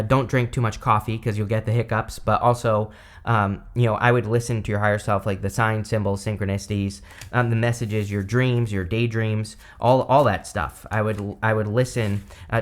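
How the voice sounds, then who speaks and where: Rambling man giving a tarot reading. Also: lowish voice. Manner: chatty, rambling, many fillers. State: hiccups. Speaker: tarot reader.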